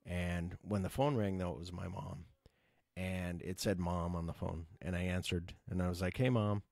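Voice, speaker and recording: A middle-aged man with a deep, relaxed voice chats through a long personal story on his podcast. He wanders and swears casually, leaning on fillers as he goes. The sound is dry and close, with no room around it. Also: moderate pace, creaky, dry recording. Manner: rambling, profane, lots of fillers. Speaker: podcast host.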